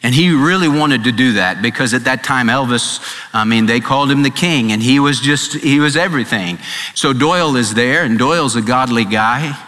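A man's voice: mid-range voice, normal speed, bright, forceful tone. A man preaching a sermon, telling a story with emphatic, shifting delivery. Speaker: pastor. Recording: long hall reverb, faint music.

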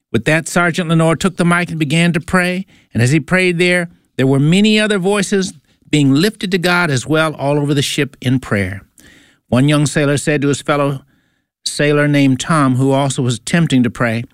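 A man's voice: fairly high pitch, normal speed, clean tone, no room sound, clean studio sound. A man telling a religious story in earnest, devotional narration.

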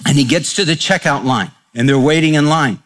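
Speaking a bit quickly, the same kind of folksy preacher tells stories in his sermon and performs the quotes in character. His pitch is on the high side, and his tone comes across a bit bright.

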